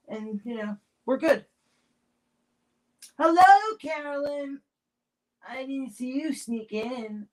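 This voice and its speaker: A middle-aged woman with a slightly high voice chats loosely through a live crafting stream. She rambles and restarts her sentences as she works, and she stops to answer viewers in the chat with friendly, personal replies. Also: low-quality recording. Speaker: craft livestream host. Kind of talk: casual livestream chat while crafting.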